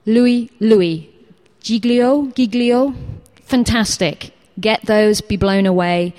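A woman teacher from England giving an informal sermon, full of personal stories, acting out quotes and dropping to a whisper at times. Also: mid-range voice. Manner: animated storytelling, acts out quotes, drops to whispers. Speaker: teacher giving a church talk.

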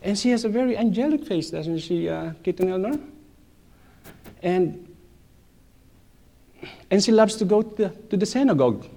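A middle-aged man telling a personal church testimony, animated, repeating phrases and laughing between lines, with non-native English grammar. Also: high voice, normal speed, vocal fry, pauses often.

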